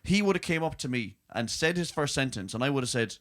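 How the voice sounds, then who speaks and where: A man's voice: mid-range voice, animated, fast talker, a bit bright. A man with a west of Ireland accent co-hosting a podcast, bantering and joking in casual chat. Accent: Irish, west of Ireland. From south Sligo, Ireland. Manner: banters, jokes, laughs often, swears. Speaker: podcast co-host.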